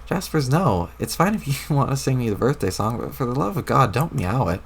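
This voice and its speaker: A man's voice: mid-range voice, sing-song, fairly quick, creaky, breathy edge, full character voice. A man reading aloud as an earnest, slightly nervous teenage boy hero. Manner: hesitant, earnest questions.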